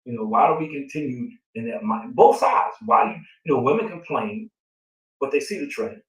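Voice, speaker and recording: Animated man, roomy off-mic sound. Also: medium pitch, a little fast, distant mic. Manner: animated, repetitive, rhetorical questions. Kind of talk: casual conversation.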